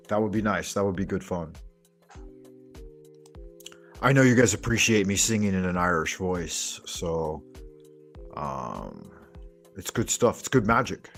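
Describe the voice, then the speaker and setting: A man hosting a livestream, chatting casually with viewers in crude, profane banter. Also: on the low side. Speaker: livestream host.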